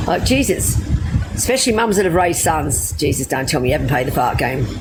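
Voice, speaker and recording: A woman's voice: sits low, animated, a little fast, background noise. A middle-aged Australian woman telling stories to her live viewers in a blunt, laughing way, swearing freely. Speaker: livestreamer. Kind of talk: casual storytelling to live viewers.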